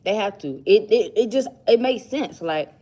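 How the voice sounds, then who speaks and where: A woman's voice: mid-range voice, expressive, moderate pace, warm tone. A young woman vlogging at work, chatting casually and musing aloud as she rambles from thought to thought. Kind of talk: casual chat to camera.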